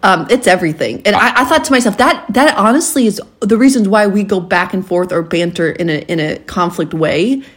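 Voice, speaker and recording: A woman's voice: mid-range voice, expressive, brisk, hardly any pauses, breathy edge. A woman, married over two decades, co-hosting a casual chat and speaking in a reflective, conversational way. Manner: conversational, reflective, faith-centered. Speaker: podcast co-host.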